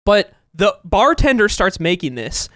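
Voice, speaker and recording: A young man co-hosting a podcast, telling a long story in animated casual chat, swearing and laughing as he goes. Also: high voice, measured pace, no echo, studio quality. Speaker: podcast co-host.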